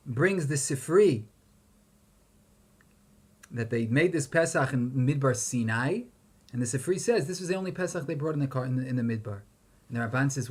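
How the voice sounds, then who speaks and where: A man's voice: medium pitch, fairly bright tone, husky. A man giving a Torah lecture, posing questions and chanting Hebrew verses with emphasis. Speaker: rabbi teaching Torah.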